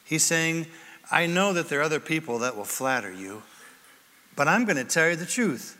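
Animated preacher man in an echoey hall. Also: on the high side, moderate pace. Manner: animated, jokey, acts out quoted voices. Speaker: pastor. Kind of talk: sermon.

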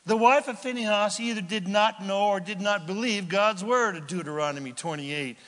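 A male pastor preaching a sermon, swinging from loud outbursts to near whispers. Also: high voice, moderate pace. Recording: long hall reverb.

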